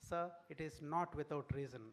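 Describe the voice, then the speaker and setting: A man giving a formal speech at an event, halting, with many fillers and restarts. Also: on the high side, fairly even intonation.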